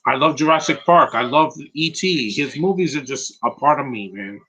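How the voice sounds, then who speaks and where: A man's voice: medium pitch, animated, moderate pace, bright, forceful tone, lo-fi sound. A man giving a casual, rambling live commentary on a film, emotional and close to tears. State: teary, close to crying. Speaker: movie commentator.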